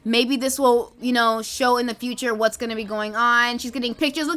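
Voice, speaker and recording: A young American woman who makes Sims let's plays casually narrates a life-simulation game story, chatting and slipping into quoted lines for her characters. Her voice is on the high side and fairly bright, with fairly even intonation and a fairly quick pace.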